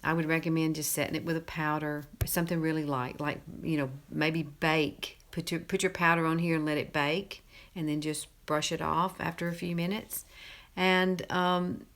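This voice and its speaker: A woman's voice: sits low, level tone, normal speed, fairly bright tone. Chatty Southern woman from Alabama. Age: 50s. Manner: chatty, folksy, repeats herself for emphasis. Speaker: beauty tutorial host. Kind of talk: casual makeup tutorial.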